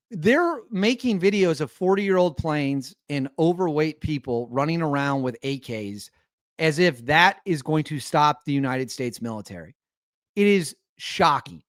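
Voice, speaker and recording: A man's voice: a little high, no echo, studio quality. A young man hosting an opinionated commentary show, talking in an incredulous and mocking way. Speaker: commentary host.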